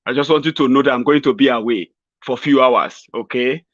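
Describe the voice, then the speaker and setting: A man voicing a meek middle-aged male aide who answers his elder in a hushed, placating way. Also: medium pitch, fairly quick, no echo, lo-fi sound, close to an everyday voice. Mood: deferential.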